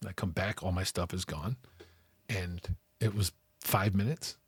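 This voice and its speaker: A man speaks in a low, husky voice in a candid interview. He tells his story with energy and acts out the people he quotes. The sound is dry and close, with no room echo. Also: unhurried. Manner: animated, acts out quoted voices, frequent "right?" and "like". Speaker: interview guest.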